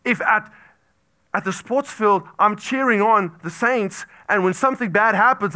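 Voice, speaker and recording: A man preaching a sermon as pastor, animated, swinging from loud exclamations to hushed near-whispers and repeating phrases for emphasis. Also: high-pitched, moderate pace.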